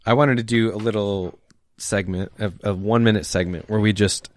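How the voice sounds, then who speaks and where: Deep-voiced laid-back man. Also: steady tone, moderate pace. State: tipsy from drinking. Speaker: podcast co-host. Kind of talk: casual chat.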